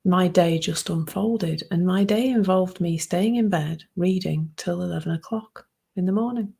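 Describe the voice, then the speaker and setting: A woman speaks in a low, gravelly voice with a husky edge. She talks softly and thoughtfully about her own experience, often sinking to a near-whisper. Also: measured pace. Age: 50s. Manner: soft-spoken and reflective, often dropping to a hushed near-whisper. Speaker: speaker sharing a personal reflection. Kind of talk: personal reflective talk.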